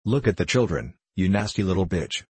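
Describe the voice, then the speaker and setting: A man's voice: sits low, animated, fairly quick, a little mellow, breathy edge, no echo. A man voicing a snarling drunken miner father. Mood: sneering. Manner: snarling, bullying, broad dialect. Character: brutal drunken male coal miner father.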